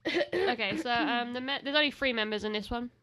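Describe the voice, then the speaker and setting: Chatty young woman with a high bright voice. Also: fairly quick. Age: young adult. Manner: teasing, chatty. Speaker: podcast co-host. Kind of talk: casual chat.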